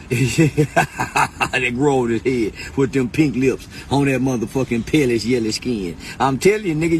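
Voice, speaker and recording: A man hosting a podcast, delivering a loud, profane, laughing freestyle rant that swings between high outbursts and low mutters. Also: a little hiss or hum. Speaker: podcast host.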